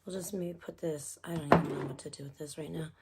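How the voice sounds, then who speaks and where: A woman's voice: sits low, fairly even intonation, fast, very noisy. A woman chatting casually on a live stream, rambling and distracted while she tidies up and swears offhandedly. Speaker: livestreamer.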